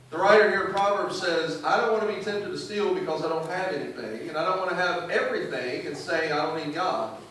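A man's voice: a little high, fairly bright tone. A man preaching a sermon, emphatic, reading scripture aloud and then putting it in everyday words. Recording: very echoey room, distant mic, faint hiss.

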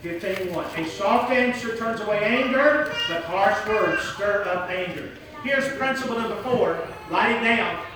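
Male preacher with a high voice. Emphatic and repetitive delivery, recorded from far off in a roomy church. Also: unhurried, few pauses, music in the background. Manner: emphatic, repeats key phrases, jokes with the congregation. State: hot and sweating. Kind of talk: sermon. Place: large church hall. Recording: echoey hall, voice from far off.

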